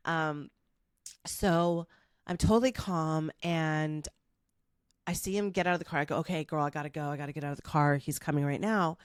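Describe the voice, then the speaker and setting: A woman podcast host telling a story in a monologue, acting out the quoted dialogue with lively energy. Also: sits low, moderate pace, smooth, no room sound, clean studio sound. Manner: animated, acts out quoted dialogue.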